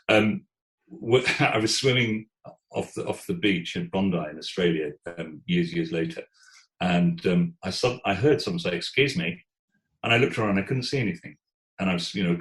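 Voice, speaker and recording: A British theatre executive in his sixties telling stories in an interview, animated, often restarting words and quoting voices. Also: low voice, roomy sound, low-quality recording. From Britain. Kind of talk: conversational storytelling.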